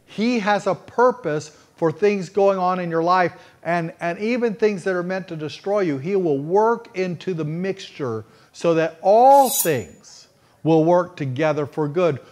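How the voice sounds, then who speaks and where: A man's voice: high voice, lively intonation, a little slow, a little mellow. A man preaching a storytelling sermon in a folksy, earnest way, with frequent restarts.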